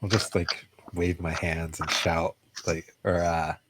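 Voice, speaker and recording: Deep-voiced laid-back man player. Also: level tone, slow pace, noisy background.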